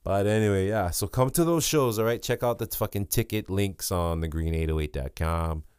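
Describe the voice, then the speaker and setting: A young man hosts a casual solo podcast chat, rambling and joking with lots of swearing, sounding tired and giddy. His voice sits low, a little mellow, clear and resonant, at a moderate pace. The studio sound is clean with no room sound.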